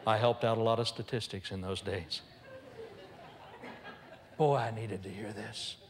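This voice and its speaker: A man's voice: lowish voice, unhurried, long reverb tail, a faint crowd, a little hiss or hum. A man preaching a humorous storytelling sermon, acting out the voices of the people in his story. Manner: animated, humorous, acts out voices. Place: church.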